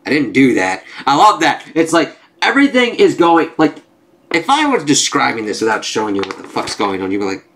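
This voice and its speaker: A man's voice: medium pitch, wildly swooping pitch, fairly quick, fairly bright tone. Casual, profane comic reviewer man. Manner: casual and profane, reads out panels.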